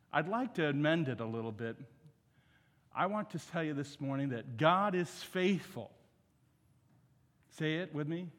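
A middle-aged man preaching a sermon as guest speaker, emphatic and calling the congregation to repeat after him. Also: mid-range voice. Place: church sanctuary. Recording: church hall reverb.

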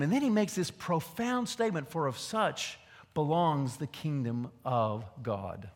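A man, a pastor preaching a sermon in a conversational way, dropping low for asides and rising for emphasis. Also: lively intonation, unhurried. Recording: long hall reverb.

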